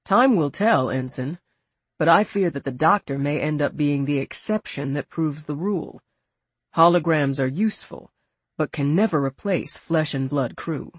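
A narrator voicing a thoughtful, courteous male officer who speaks in a measured way. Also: medium pitch, slightly rough, no echo, natural voice.

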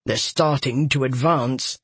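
Anxious apologetic scout, narrator voicing, husky, dry read. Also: male voice, medium pitch, takes it slowly, a bit bright, dry recording. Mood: urgent. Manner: urgent warnings.

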